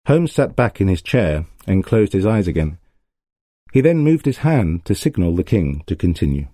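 A man narrating a story in a plain, steady reading voice. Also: deep voice, normal speed, dry recording, clean studio sound.

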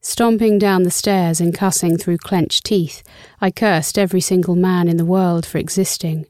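A young woman narrates an audiobook in a lowish, mellow voice, keeping a steady tone and moderate pace as she reads a first-person story. Her delivery is wry and sarcastic, with casual swearing throughout. The recording is dry and close-miked in a studio, with no room sound.

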